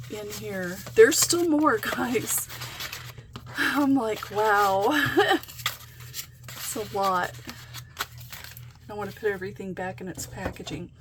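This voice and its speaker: A woman hosting a craft vlog, gushing with excitement in a casual chat as she unboxes things. She speaks at an unhurried pace, with a clear hum of background noise in her home room. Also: mid-range voice. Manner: gushing, excited, gasps and laughs often. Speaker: craft channel host.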